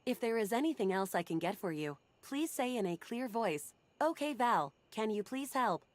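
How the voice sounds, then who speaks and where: A woman's voice: mid-range voice, normal speed, no room sound, lightly acted. A woman voicing a polite, formal female AI voice assistant in a video game. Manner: calm, formal, scripted.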